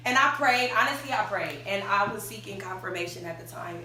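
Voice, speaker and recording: A woman from South Central Los Angeles with a Los Angeles accent, a guest singer telling stories in lively talk-show chat with preachy comic asides. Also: lowish voice, fast talker, hardly any pauses, reverberant, recorded from a distance, rough recording. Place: stage with live audience.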